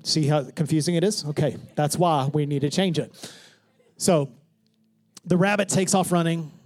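A man preaching a sermon in church, joking with the congregation and swinging from hushed whispers to shouts. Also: fairly high pitch, fairly even intonation, moderate pace. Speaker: pastor.

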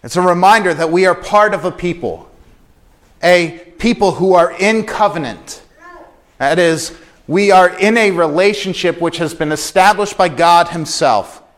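A man's voice: high voice, unhurried. A man preaching a sermon in an earnest, emphatic way, repeating phrases for stress.

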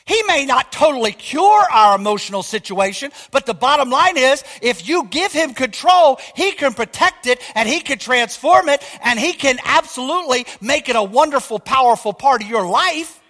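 A man's voice: extremely high pitch, expressive, normal speed, few pauses, pushed and bright. A man preaching a fiery sermon as pastor, emphatic and often asking his congregation whether they are listening. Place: church. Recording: long hall reverb.

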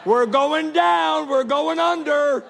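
A frantic little boy yelps up high and calls out in alarm as the water rises around him, as a male preacher puts him on. The voice leaps well above an adult man's, shrill and urgent. The cries come out loud and strained, meant to be heard from across the water. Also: takes it slowly, vocal fry, slight background noise, full character voice. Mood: panicked. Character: panicking little boy on a sinking boat.

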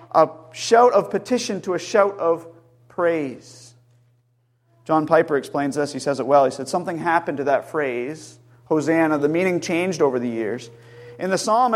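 A male pastor preaching a sermon, lifting his voice on quoted cries and dropping low and quiet at the ends of phrases. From Maine, USA. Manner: emphatic, lifts his voice high on quoted cries.

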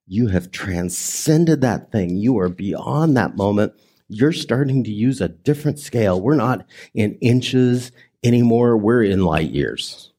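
A man preaching a sermon as pastor, conversational and emphatic, swinging between raised and hushed delivery and drawing the congregation in with questions. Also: on the low side. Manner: conversational preaching with audience prompts.

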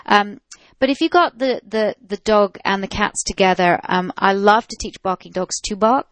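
On a radio call-in program, a woman who trains dogs answers listeners with practical tips, her chatty talk full of fillers and restarts. She speaks at normal speed with a medium-pitched voice and no echo.

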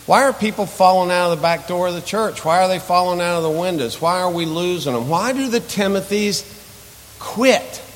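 A male pastor delivers a sermon in a church, building intensity through repeated rhetorical questions and lists. His voice sits a little high. A long reverb from the hall trails every phrase. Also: fairly quick, hardly any pauses, a little hiss or hum. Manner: impassioned, repetitive rhetorical questions.

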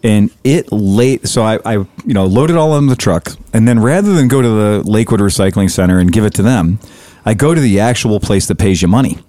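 A man telling a story in casual podcast chat, swearing freely and animated. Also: on the low side, brisk, dry recording.

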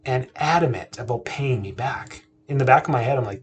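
A man's voice: medium pitch, lively intonation, normal speed, few pauses, slight background noise. A man in his thirties, a podcast host, telling a personal family story in a casual chatty way, often restarting sentences and asking listeners rhetorical questions.

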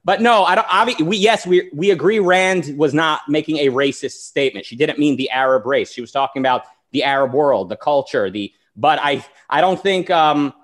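American guy on a podcast, sarcastic, fairly high voice, keeps restarting sentences. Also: moderate pace, hardly any pauses, fairly bright tone. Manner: sarcastic, argumentative, many restarts. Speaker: podcast co-host. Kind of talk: casual political debate.

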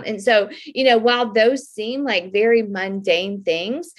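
A woman in her thirties, a mother, talking in an earnest, heartfelt and chatty way about scripture and her children, with fillers and restarts. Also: mid-range voice. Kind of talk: casual Christian faith talk.

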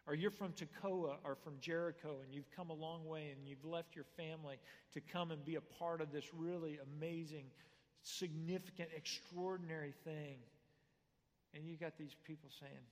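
A man, a pastor, preaching a sermon in a church sanctuary, telling stories and moving between quiet asides and loud punchlines. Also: fairly high pitch, steady tone, normal speed, big-room sound.

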